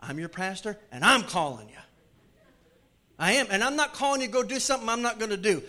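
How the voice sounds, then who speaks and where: A man preaching a sermon to his congregation in a church, joking with the crowd and swinging from loud calls to hushed pleading. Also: high voice, expressive, fairly quick. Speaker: pastor. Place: church sanctuary.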